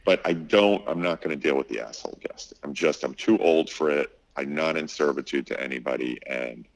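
A man's voice: very deep voice, fairly quick, rough recording. A middle-aged man who owns a restaurant, telling a story in a casual interview, acting out what people said, with lots of fillers. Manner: animated storyteller, acts out quotes, many fillers. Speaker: restaurant owner.

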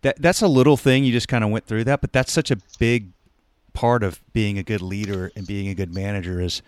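Low-voiced man interviewing. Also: steady tone, fairly quick, clean tone, dry recording, clean studio sound. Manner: encouraging, short affirmations. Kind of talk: casual interview.

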